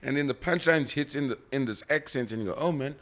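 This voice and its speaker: A man's voice: medium pitch, fast talker, a bit bright. A man from South Africa hosting a casual podcast chat, talking through his points at length with restarts. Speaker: podcast host.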